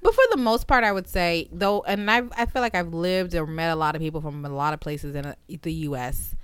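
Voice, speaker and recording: Give me a relaxed woman co-host with a smooth, lowish voice, telling stories in casual chat. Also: fairly quick, dry recording.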